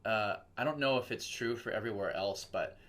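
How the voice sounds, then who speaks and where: Speaking a little fast in a lowish voice, a young Texan voice actor chats casually as an interview guest. He brings his stories to life by performing the voices of the people he quotes.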